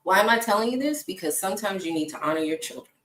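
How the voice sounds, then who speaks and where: A woman's voice: mid-range voice, animated, racing, noisy background. A woman who works as a single mom coach, telling stories in a casual chatty vlog and laughing often. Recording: echoey room.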